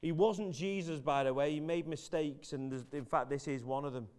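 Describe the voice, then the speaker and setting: A man's voice: on the high side, normal speed, darkish tone, smooth. A man giving a chatty, jokey sermon in a church, telling the story with many restarts. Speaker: preacher. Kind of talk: casual sermon.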